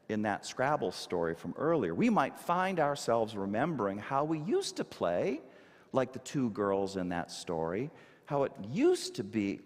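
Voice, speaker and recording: A male minister preaching a sermon to a congregation, emphatic and animated, asking rhetorical questions. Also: lowish voice. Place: church sanctuary. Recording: long hall reverb.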